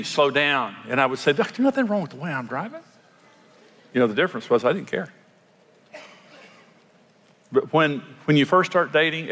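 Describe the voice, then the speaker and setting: A man's voice: mid-range voice, fairly bright tone. An older man preaching a sermon as a pastor, telling folksy stories and acting out quoted lines. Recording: long hall reverb.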